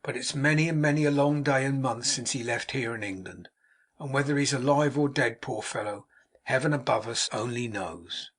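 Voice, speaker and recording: A man voicing a tender-hearted middle-aged female innkeeper, soft and motherly, in a storybook reading. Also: mid-range voice, moderate pace, close to an everyday voice. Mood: distressed. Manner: soft, motherly, easily moved.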